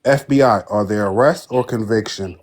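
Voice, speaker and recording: A man's voice: lowish voice, normal speed. Persistent man from Brooklyn, out of breath. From Brooklyn, New York. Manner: persistent, repeats his question. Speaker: caller. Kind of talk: heated debate.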